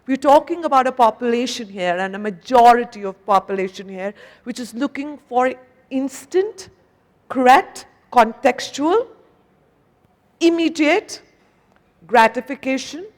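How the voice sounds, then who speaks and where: A woman's voice: on the high side, animated, unhurried. Indian woman speaking in an echoing conference hall. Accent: Indian English. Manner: conversational, asks the audience questions, tags "no?" and "right?". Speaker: conference speaker, company executive. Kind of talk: keynote talk to an audience. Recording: long hall reverb.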